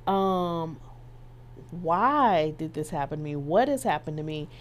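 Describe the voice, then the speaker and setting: A woman's voice: low voice, expressive, unhurried, a little hiss or hum. A middle-aged woman telling a personal story as an interview guest, acting out the quoted voices and laughing as she goes.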